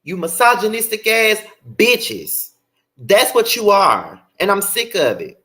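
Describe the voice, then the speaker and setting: A man's voice: sits high, huge pitch swings, measured pace, pushed and bright. A young man hosting a livestream, ranting bluntly and profanely, repeating his points for emphasis. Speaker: show host.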